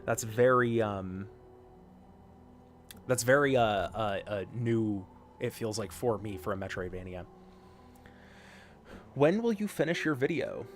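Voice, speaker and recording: An American man with a lowish voice and lively intonation speaks at a measured pace with long pauses, faint music behind him. Streaming a game live, he chats casually and teases viewers jokingly, often trailing off into fillers.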